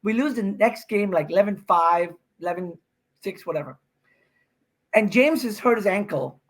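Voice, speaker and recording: Excitable man telling a match story. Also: high voice. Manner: excitable, fast-talking, acts out quotes. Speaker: pro pickleball player, podcast guest. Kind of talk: animated storytelling on a podcast.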